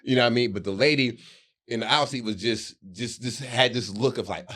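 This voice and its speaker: A man telling a story in relaxed casual conversation on a comedy podcast, acting out quoted lines in a low-key way. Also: brisk.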